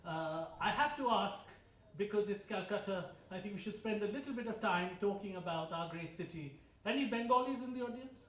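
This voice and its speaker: A man from India with an Indian English accent performs stand-up in a club hall before a live audience, whose laughter is heard in the background. His delivery is dry and ironic, with frequent self-corrections. He speaks fairly quickly in a high-pitched, expressive, fairly bright voice, and the sound is roomy.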